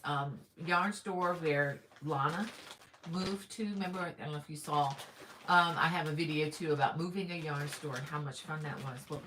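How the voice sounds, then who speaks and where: A middle-aged woman with a low-pitched voice hosts a casual live stream. She chats in an upbeat way and greets viewers one by one. She fills her talk with ums and stops to correct herself. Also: a bit bright, slight background noise. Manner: frequent ums and self-corrections. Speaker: crochet livestream host.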